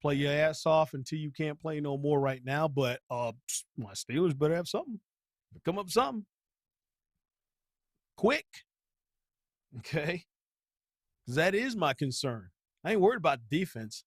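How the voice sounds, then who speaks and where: A man's voice: fairly high pitch, expressive, normal speed, pauses often, no echo, clean studio sound. A man hosting a live stream, ranting bluntly about sports with heavy slang and repetition. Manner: heated, blunt, slangy, repeats himself. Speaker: channel host.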